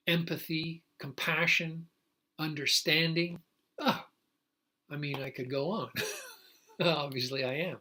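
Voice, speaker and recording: Older male activist, bright, tense voice, rambling, choked-up solo livestream rant with indignant flare-ups. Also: fairly high pitch. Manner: emotional, rambling, with many restarts and sudden indignant outbursts.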